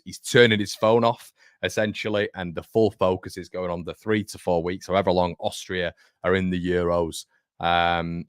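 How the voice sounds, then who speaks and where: A man hosts his own football fan channel, talking emphatically and throwing in jokes as he goes. His voice sits low, and it is recorded close and dry. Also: no room sound. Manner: chatty, emphatic, joking asides. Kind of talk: casual football commentary to camera.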